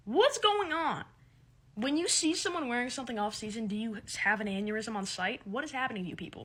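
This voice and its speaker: A woman's voice: a little high, expressive, quick pace, fairly bright tone, breathy edge. A teenage girl ranting sarcastically and dramatically to camera in a comedic monologue. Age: teens. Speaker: comedic creator.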